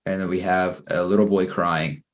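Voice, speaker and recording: A male English teacher, patient and fairly low-voiced, teaches children grammar through a computer mic. Keeping a level tone, he reads out each exercise slowly and offers encouragement for every answer.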